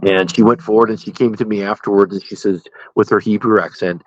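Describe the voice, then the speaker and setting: A man's voice: on the low side, brisk, dry recording, dull audio. A middle-aged man, a pastor, telling stories from his life in a casual interview and laughing at his own jokes.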